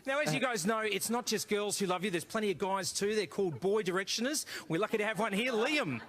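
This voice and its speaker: A man hosting a TV interview, brisk and upbeat as he brings in fan questions. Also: sits high, animated, a bit bright. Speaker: TV interview host.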